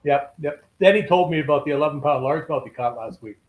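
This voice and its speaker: A man's voice: a little high, fast talker, narrow, tinny audio, slight background noise. An older man from Canada, a fishing guest telling rambling, joking stories in casual chat.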